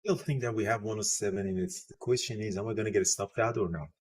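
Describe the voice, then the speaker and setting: A man hosting a live trading show, giving excitable market commentary and thinking aloud. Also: lowish voice, fast, breathy edge.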